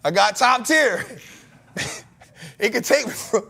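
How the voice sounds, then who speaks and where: Animated, gravelly-voiced man. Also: very high voice, takes it slowly. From United States. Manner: animated, slangy, laughs often. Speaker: show host. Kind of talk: casual storytelling.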